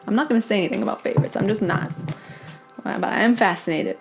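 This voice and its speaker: A woman's voice: mid-range voice, fast, vocal fry, faint music behind. Meandering, dreamy woman tarot reader. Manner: dreamy, meandering, self-correcting with soft laughs. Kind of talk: intuitive tarot reading to camera.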